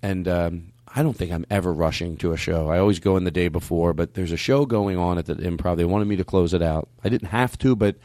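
A man, a stand-up comedian, telling a rambling story in casual chat, his voice leaping high when he acts out his own outbursts. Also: fairly quick, hardly any pauses, no room sound. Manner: animated, jumps way up in pitch acting out his own outbursts; rambling with frequent restarts and asides.

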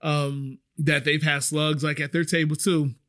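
A man hosting a podcast, telling a story in a chatty, animated way, full of fillers and the odd swear. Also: on the high side, unhurried. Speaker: podcast host. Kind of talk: casual storytelling.

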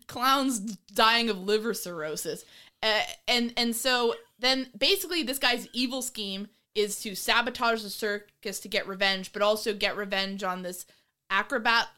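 A woman co-hosting a casual movie-review chat, ranting in an animated, exasperated way with swearing and mocking voices. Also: medium pitch, normal speed, clean tone. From of Irish descent. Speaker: podcast co-host.

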